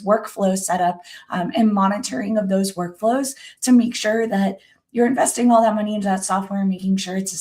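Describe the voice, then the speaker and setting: A middle-aged woman with a raspy, cold-roughened voice speaks as a guest in a webinar. She explains things earnestly and steadily, pausing on frequent ums, in a middle pitch. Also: a little mellow. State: hoarse from a cold. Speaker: guest consultant. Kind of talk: webinar conversation.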